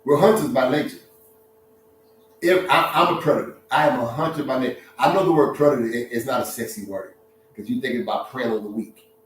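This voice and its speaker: A man with a mid-range voice talks a little fast over slight background noise, hosting a casual live-stream monologue as a social media talk host. He jokes, laughs often, and acts out voices, recorded far from the mic in an echoey room.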